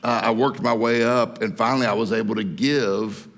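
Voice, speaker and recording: A man's voice: medium pitch, fairly even intonation, normal speed, fairly bright tone. A man from Mississippi, preaching a sermon in a folksy storytelling way and laughing at his own jokes. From Mississippi, USA. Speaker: guest preacher. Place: church hall. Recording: long church hall reverb.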